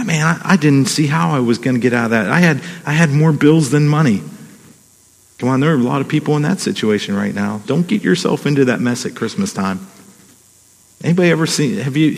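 Man preaching in a reverberant hall. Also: mid-range voice. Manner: conversational, laughs and digresses. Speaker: pastor. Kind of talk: sermon.

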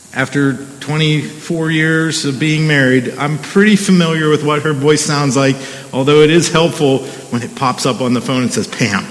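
Middle-aged male pastor preaching in a reverberant hall. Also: a little high. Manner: conversational, with frequent restarts and "come on" asides. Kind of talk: sermon.

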